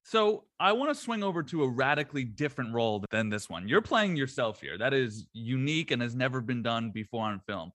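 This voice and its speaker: A man's voice: mid-range voice, big pitch swings, fairly quick, hardly any pauses, fairly bright tone, no echo. Polished male film interviewer, dry sound.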